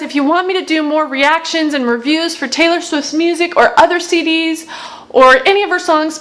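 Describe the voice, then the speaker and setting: A woman vlogger talks in a casual, gushing way, full of fan enthusiasm. Her voice sits a little high. She breaks down song lyrics as if chatting with friends. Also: fairly bright tone.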